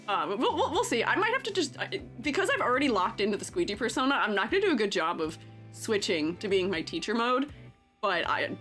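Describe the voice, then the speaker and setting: A woman's voice: mid-range voice, fairly bright tone. A woman streaming and chatting casually, rambling with lots of fillers and frequent giggles. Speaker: streamer and art teacher. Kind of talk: casual live-stream chat.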